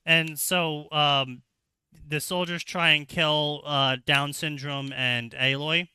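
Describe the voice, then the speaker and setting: A man with a clear, bright voice retells a game story at a slow, relaxed pace. He laughs often and slips into goofy voices for the characters. He sits close to a dry mic. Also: fairly high pitch, no echo. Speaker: co-host recounting a game plot. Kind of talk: comedic casual retelling with acted quotes.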